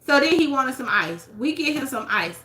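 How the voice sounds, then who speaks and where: A woman hosting a casual livestream, telling stories with animated acted-out quotes; she coaches youth basketball. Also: sits high, normal speed, reverberant, slight background noise. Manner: animated storytelling, acts out quotes. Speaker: livestream host.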